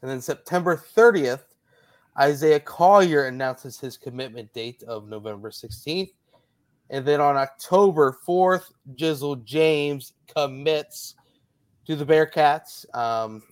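A man hosting a casual sports podcast, talking in a rambling way with many restarts. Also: medium pitch. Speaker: podcast host.

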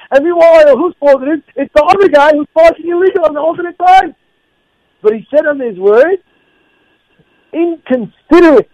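A man giving a storytelling moral talk, animated, repeating phrases and restarting sentences. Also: extremely high pitch, no room sound, dull audio. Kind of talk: storytelling sermon.

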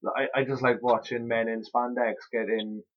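The recording is muffled lo-fi podcast audio of a young man hosting a laid-back chat. Speaking at a moderate pace in a level, mid-range voice, he rambles and swears offhandedly.

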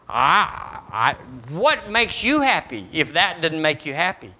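Preacher, worked up and emphatic, reading scripture w/ asides, bright sharp voice. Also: male voice, on the high side, a little slow, hardly any pauses. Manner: animated, emphatic, reads scripture with lively asides. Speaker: pastor. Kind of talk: sermon.

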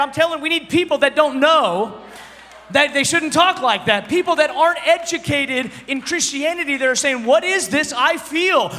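A pastor in his thirties preaching a sermon, animated and joking, swinging from shouts to hushed storytelling. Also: extremely high pitch, big-room sound.

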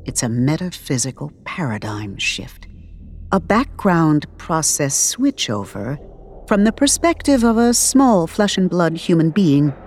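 Low, lively woman audiobook narrator. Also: slight background noise. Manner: expressive, measured storytelling.

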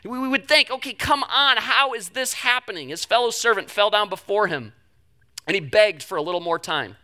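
Bright, high-voiced preaching man. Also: normal speed. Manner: animated storytelling, acting out quoted voices. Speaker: pastor. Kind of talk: sermon.

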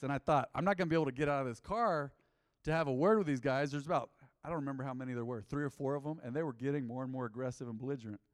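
A man preaching a sermon, telling a personal story with lively acted-out quotes and shifts between loud and quiet delivery. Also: mid-range voice. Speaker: pastor. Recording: long hall reverb.

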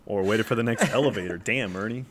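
A man co-hosting a casual podcast, telling stories in an animated, defensive way. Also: lowish voice, quick pace, a little hiss or hum. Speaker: podcast co-host. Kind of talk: casual chat.

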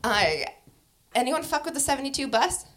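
A woman's voice: sits high, sing-song, moderate pace, fairly bright tone. A young adult woman performing a stand-up comedy set, brash and profane, often laughing through her lines.

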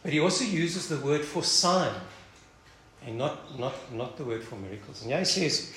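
A man's voice: fairly high pitch, lively intonation, moderate pace, a bit bright. Echoey-sounding man teaching scripture. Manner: thinks aloud, restarts and repeats words. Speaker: preacher. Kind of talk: conversational Bible teaching. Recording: echoey room, faint background noise.

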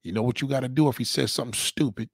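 A man's voice: mid-range voice, rapid-fire, gravelly, breathy edge, dry recording, studio quality. A man hosting a livestream, mocking and heckling a guest in a clip with profane, repetitive commands. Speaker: livestream host reacting to a clip. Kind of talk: profane live commentary.

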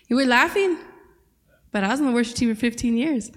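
Woman preacher, chatty sermon delivery that jokes with the congregation, voice on the higher side. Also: animated, brisk. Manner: conversational and playful, laughing with the congregation. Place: church service.

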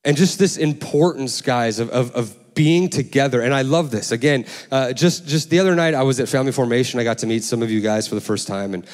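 A man preaching a sermon as pastor, in a loose, conversational way, often restarting words and jumping up in pitch while telling stories. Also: fairly quick, few pauses, big-room sound. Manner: lively storytelling with sudden pitch jumps. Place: church sanctuary.

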